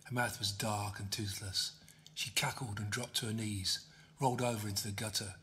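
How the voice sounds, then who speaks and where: A man reading his own novel aloud as an audiobook, steady storytelling. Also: on the low side, moderate pace. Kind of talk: audiobook narration.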